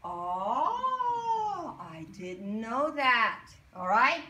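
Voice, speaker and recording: A woman teaching young children a phonics lesson in a classroom, modeling sounds slowly and prompting call-and-response with encouraging praise. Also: a little high, very animated, pushed and bright, a little hiss or hum. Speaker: elementary school teacher. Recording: echoey room from far off.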